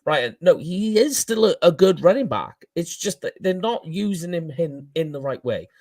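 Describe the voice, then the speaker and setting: Animated Welsh man, dry sound. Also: fairly high pitch, normal speed, no room sound. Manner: animated, self-deprecating, laughs at own slips. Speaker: co-host. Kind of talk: casual sports podcast chat.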